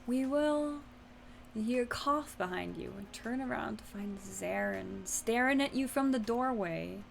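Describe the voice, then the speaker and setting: Young woman streamer, fry-heavy voice, casual and chatty, reads a story game aloud. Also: medium pitch, normal speed, a little hiss or hum. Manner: chatty, swears casually, talks to chat and her cat. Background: faint music.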